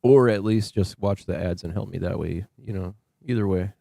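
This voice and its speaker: Chatty male livestream host, low and mellow, dry close sound, rambling and thanking viewers. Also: normal speed, gravelly, no room sound. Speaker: livestream host scam-baiting. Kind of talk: casual livestream chat.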